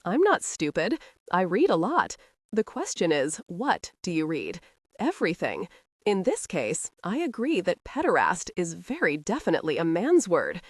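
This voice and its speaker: A woman voicing a defiant, sharp-tongued young tomboy in an audiobook. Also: fairly low pitch, wildly swooping pitch, moderate pace, slightly rough, no room sound, studio quality, heavily acted.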